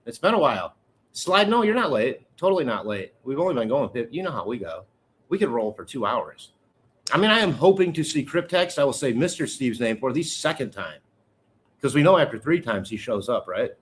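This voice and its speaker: A man's voice: mid-range voice, big pitch swings, a little fast. A middle-aged man hosting a casual live chat with viewers, talking in a rambling, candid way with joking asides. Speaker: livestream host.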